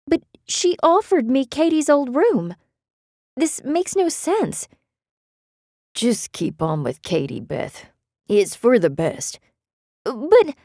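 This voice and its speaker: A woman's voice: very animated, slow pace, creaky, dark tone, no room sound, studio quality, exaggerated voice. A woman voicing a desperate, impulsive young woman in an audiobook, urgent and emphatic. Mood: demanding. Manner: rising pitch, urgent and emphatic. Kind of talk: audiobook character reading.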